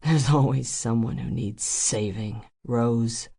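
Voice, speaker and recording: Woman doing a weary, quiet male Druin warrior. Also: rumbling low, takes it slowly, slightly rough, heavily acted. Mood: pleading.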